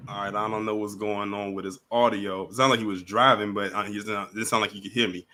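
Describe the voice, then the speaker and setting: A man's voice: lowish voice, fast, a little hiss or hum. A man hosting a live stream, chatting casually and taking callers one by one. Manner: relaxed, chatty, laughs along with callers.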